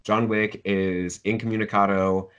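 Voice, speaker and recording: A man's voice: lowish voice, little pitch movement, a little slow, fairly bright tone, clean tone, highs cut off. A man co-hosting a casual film review chat, speaking hesitantly and stumbling over his words. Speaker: film review podcast co-host.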